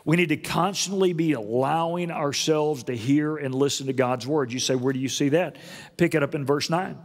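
A pastor delivering a sermon in a church, earnest, with slow, low passages and lifts to high, stressed words. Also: male voice, in a large hall. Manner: earnest preaching, rises high and loud for emphasis, drops low and slow. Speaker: senior pastor. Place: church auditorium.

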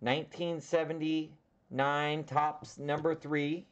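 A man hosting a casual card break, calling out players with slow, drawn-out reactions as he opens packs. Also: a little high, level tone. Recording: slightly dull audio with faint background noise.

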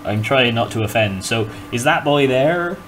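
A man's voice: medium pitch, animated, normal speed, fairly bright tone, poor audio. A man running a tabletop game as game master, wry and exasperated, laughing often.

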